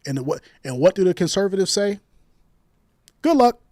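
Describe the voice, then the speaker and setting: A man's voice: high-pitched, fast talker, darkish tone, no room sound, clean studio sound. A man from Jamaica arguing in a heated casual debate, blunt and crude, laughing at his own jokes.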